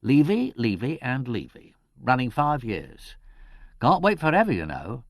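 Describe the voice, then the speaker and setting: A man voicing a brash, cocky debt collector who talks loud and slangy. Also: medium pitch, huge pitch swings, unhurried, no echo, studio quality, voice pushed up. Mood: blunt.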